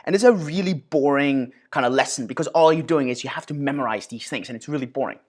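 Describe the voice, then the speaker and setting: A man in his thirties hosting a casual Q&A and answering viewer questions, animated, with many fillers and restarts. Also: mid-range voice, fast talker. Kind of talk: casual Q&A monologue.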